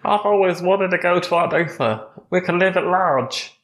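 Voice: medium pitch, moderate pace, a bit bright, roomy sound, voice pushed up, close to an everyday voice. A performer voicing an eager, naive young man fresh out of detention, in a raised, chirpy voice.

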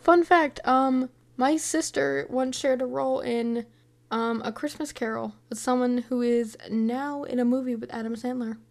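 A woman of about eighteen chatting casually about a movie, scattered and excitable, rambling from thought to thought. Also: on the high side, normal speed. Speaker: movie reviewer. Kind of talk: casual chat.

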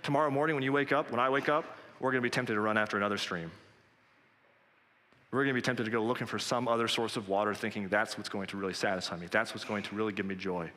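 A man's voice: fairly low pitch, steady tone, fast talker, sharp tone, long reverb tail. A man preaching a sermon in an earnest, direct and conversational way, speaking straight to his listeners.

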